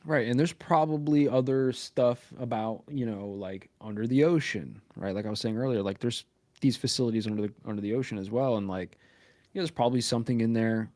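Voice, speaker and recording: A man's voice: medium pitch, brisk, a little mellow, no echo. Dry-sounding rambling podcast man. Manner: rambling, profane, fills talk with "right?" and "like". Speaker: podcast co-host. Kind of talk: casual live podcast chat.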